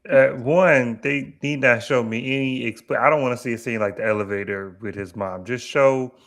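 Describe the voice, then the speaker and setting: Man, mid-range voice, halting, repeats words, thinking aloud, casual co-host. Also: mid-range voice, fairly bright tone. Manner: hesitant, repeats words, musing. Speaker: podcast co-host. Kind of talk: casual chat reviewing a TV episode.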